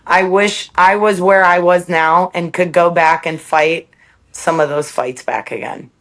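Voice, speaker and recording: A woman's voice: lowish voice, steady tone, a little slow, fairly bright tone. A woman as a podcast guest, speaking candidly and reflectively, laughing between thoughts and quoting her own self-talk.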